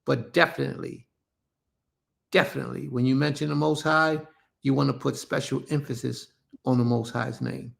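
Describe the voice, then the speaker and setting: A man hosts an online religious service, his voice deeply gravelly at a middling pitch. He preaches casually and emphatically, doubling back on phrases. It sounds like a computer mic on a live stream. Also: fairly even intonation, moderate pace. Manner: repetitive, emphatic, addresses listeners as family. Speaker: congregation leader.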